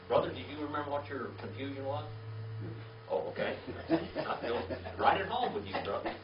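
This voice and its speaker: A man's voice: on the high side, big pitch swings, takes it slowly, pauses often. A man teaching a Bible class, asking questions and having the group repeat Hebrew words aloud. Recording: roomy, distant, dull lo-fi sound.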